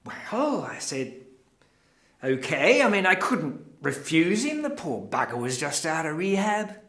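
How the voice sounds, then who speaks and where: An actor with an Australian accent playing a showy, evasive middle-aged crusade leader in a theatre monologue, chatting straight to the audience. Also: male voice, fairly high pitch, big pitch swings, unhurried, fairly bright tone, exaggerated voice. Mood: showy, chatty. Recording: roomy, echoey.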